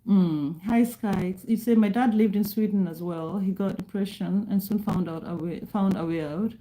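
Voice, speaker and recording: A woman's voice: mid-range voice, moderate pace, noisy background. A middle-aged woman from Kenya chatting casually on a live stream, reading and answering viewer comments, laughing often and restarting sentences.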